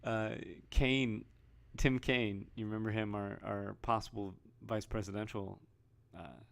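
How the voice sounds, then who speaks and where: A man's voice: lowish voice, fairly even intonation, measured pace, gravelly, clear, resonant tone. A man giving casual, rambling video commentary, often restarting and reading headlines aloud. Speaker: vlogger.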